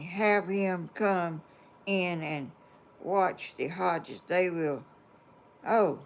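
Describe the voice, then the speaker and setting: A woman's voice: on the low side, vocal fry. An older woman, telling a rambling personal story to her viewers in a homespun, meandering way. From Georgia, US. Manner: homespun, meandering, reads viewer comments aloud. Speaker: vlogger.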